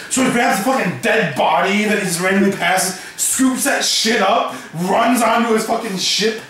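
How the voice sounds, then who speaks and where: A man's voice: sits high, normal speed, few pauses, a bit bright. A man improvising a comic tall tale, rambling and swearing, laughing often and filling gaps with "like", recorded from a distance in a very echoey space. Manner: rambling, profane, laughing, many fillers. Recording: very echoey, distant, crowd noise.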